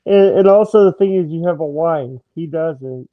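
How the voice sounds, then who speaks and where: A man joining a live show as a guest over a call, talking in a hesitant, halting way and repeating himself. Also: a little high, no echo, narrow, tinny audio. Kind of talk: casual chat over a call.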